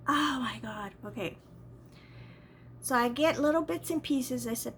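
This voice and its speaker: High-voiced woman telling a rambling story. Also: expressive, a little slow, fairly bright tone, slight background noise. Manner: rambling, exasperated, repeats herself. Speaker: vlogger. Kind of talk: casual storytelling to camera.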